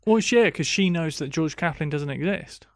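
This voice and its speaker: A man chats about a film in an agreeable, halting way, searching for words as he goes. His voice sits a little higher than most men's. The sound is close and dry. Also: creaky, no room sound. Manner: agreeable, hesitant, lots of fillers and restarts. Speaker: film podcast co-host. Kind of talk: casual film discussion.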